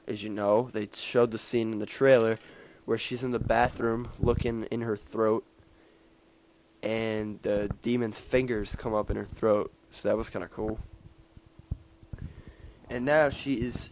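A man's voice: fairly low pitch, fairly even intonation, unhurried, a little mellow, slight background noise. A man casually recapping a movie he just saw, rambling with many fillers and restarts. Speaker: movie reviewer.

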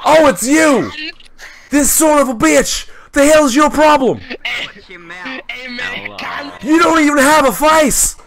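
A man putting on an Australian accent to play a brash, crude space mercenary in a VR game, shouting a lot. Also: extremely high pitch, slow, long pauses, faint music behind, heavily acted. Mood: rowdy. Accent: put-on Australian. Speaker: streamer. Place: online voice chat in a VR game.

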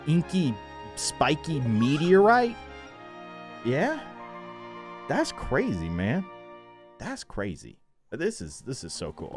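A man hosting a gaming video, giving excitable, jokey play-by-play commentary and exclaiming often. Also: fairly high pitch. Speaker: YouTube gaming host. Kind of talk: gameplay commentary.

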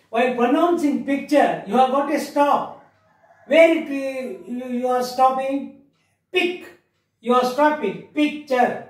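A man teaching an English grammar lesson with an Indian English accent, slowly repeating words and spelling them out letter by letter. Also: very high voice. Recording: echoey room, mic far off.

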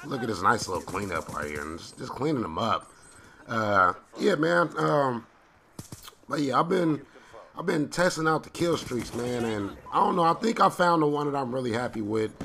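A man's voice: mid-range voice, bright, forceful tone, a little hiss or hum. A young man casually commenting over his own gameplay in a loose, slangy way, often asking "you know what I'm saying". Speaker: gaming commentator.

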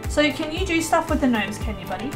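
A woman's voice: high-pitched, lively intonation, fast talker, music in the background. A young woman chatting through a life-sim game, bossing the characters around and laughing often. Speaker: let's play gamer. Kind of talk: casual gameplay commentary.

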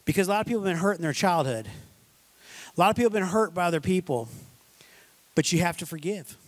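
A man's voice: high voice, expressive, fast talker. A man delivers a sermon. He preaches in an emphatic, folksy way, hammering points home through repetition. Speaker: pastor.

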